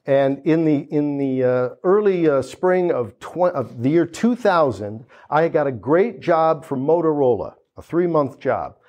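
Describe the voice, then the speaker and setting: A man's voice: a little high, expressive, measured pace, few pauses, a little mellow. American man telling a comic story live. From United States. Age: 50s. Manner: comic storyteller acting out quotes, frequent restarts. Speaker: speaker at a gallery opening. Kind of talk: storytelling talk.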